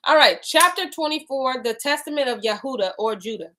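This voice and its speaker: Female host, slightly high voice, slow deliberate scripture reading, casual asides. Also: animated, bright, forceful tone. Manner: reads scripture slowly and deliberately, chatty in between.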